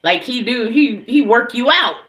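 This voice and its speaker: A woman livestreaming as a tarot reader, telling a profane story to her viewers in a casual, animated way and bursting into loud laughter. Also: on the high side, normal speed, roomy sound. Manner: animated, profane, breaks into loud laughter, keeps addressing listeners. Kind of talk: casual storytelling to a live audience.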